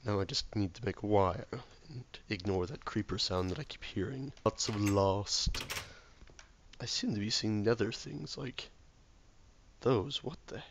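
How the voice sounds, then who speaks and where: A hoarse, ill man talking himself through a game, often muttering softly or near a whisper. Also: on the low side, a little slow, a little hiss or hum. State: hoarse from illness. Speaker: gameplay video maker. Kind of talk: relaxed gameplay commentary.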